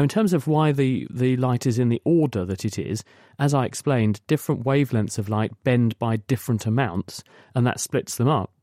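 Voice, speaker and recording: A man's voice: medium pitch, darkish tone, no echo, clean studio sound. A man explaining science on a radio call-in show, patiently and at length. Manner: explains patiently in long spoken sentences with restarts. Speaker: science expert guest.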